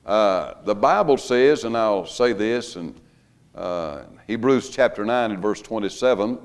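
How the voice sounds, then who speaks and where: An older man preaching a revival sermon in a church, folksy and joking, rising to loud emphatic stretches. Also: fairly low pitch, animated, measured pace, clear, resonant tone. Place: church sanctuary.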